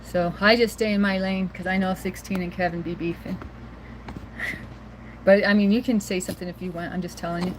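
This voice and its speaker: A woman's voice: on the low side, steady tone, fairly quick. Woman rambling on her phone livestream, lots of giggles, talking to chat, bit of faint hiss behind. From rural area near Boise, Idaho. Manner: chatty and rambling, laughs often. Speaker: livestream host. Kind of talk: casual livestream chat with viewers. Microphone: handheld phone.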